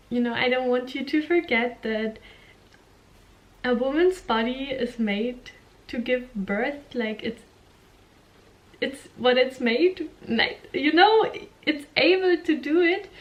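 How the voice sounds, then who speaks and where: A young woman speaks slowly and candidly to camera in a casual vlog. Her voice sits a little high for a woman, and she breaks into frequent giggles while acting out the lines of people in her story. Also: muffled recording. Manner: candid, giggly, acts out quotes. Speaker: vlogger.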